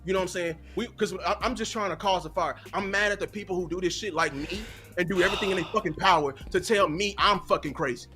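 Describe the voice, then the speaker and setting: A man's voice: sits high, fast talker, hardly any pauses, music in the background. A man and content creator delivering a heated, profane tirade during a live watch-party stream.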